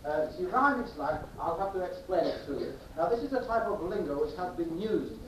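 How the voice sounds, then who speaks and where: Male comic, pompous lecturing patter, high voice; distant, very echoey, noisy live recording. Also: expressive, brisk. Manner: mock-pompous lecturing, laughing between lines. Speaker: comic performer.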